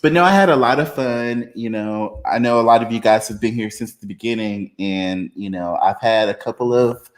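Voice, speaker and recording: Laid-back man hosting a livestream. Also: on the low side. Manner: laid-back, laughs often, drawn-out fillers. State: a little tipsy after beers. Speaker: livestream host. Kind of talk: casual live chat reading comments.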